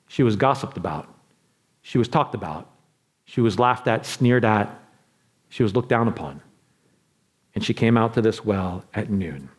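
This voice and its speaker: A man preaching a sermon as a pastor. He drops to quiet asides and builds to impassioned appeals, acting out quoted voices along the way. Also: on the high side. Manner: acts out quoted voices in a chatty way.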